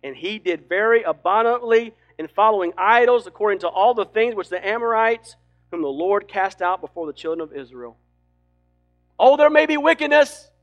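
A man preaching a sermon with emphatic delivery that swings between loud and hushed. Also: high voice, a little fast, highs cut off. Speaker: pastor.

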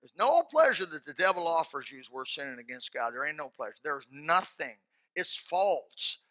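A male preacher with a fairly high, very bright and cutting voice, heard close and completely dry. He preaches in a folksy, animated way, with plain colloquial speech and sudden loud shouts. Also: normal speed, dry recording. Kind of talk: sermon with closing prayer.

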